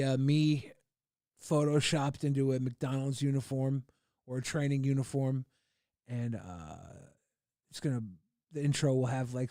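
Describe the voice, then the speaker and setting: A man's voice: mid-range voice, mellow, no echo, studio quality. A man hosting a livestream, chatting casually and crudely while reacting to videos, often laughing and swearing. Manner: crude, laughing, puts on silly voices. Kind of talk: casual profane chat.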